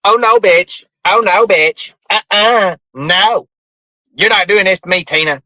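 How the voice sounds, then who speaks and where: A man's voice: high-pitched, a little slow, no room sound. A man mimicking a furious brash woman. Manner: loud, scolding, defiant.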